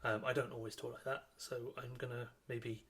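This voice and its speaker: A middle-aged man with a slightly husky, middle-pitched voice talks young children through a drawing lesson. He explains as he sketches, friendly and unhurried, dropping in plenty of ums along the way. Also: level tone, fairly bright tone. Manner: chatty and unhurried, with frequent ums. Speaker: children's author and illustrator leading a drawing workshop.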